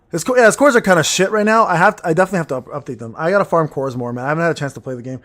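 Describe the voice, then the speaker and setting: A man's voice: a little high, rapid-fire, a bit bright. A man streaming a game and chatting casually with his viewers, joking crudely and rambling between plays. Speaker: gaming streamer reading chat. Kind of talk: casual livestream chatter while playing.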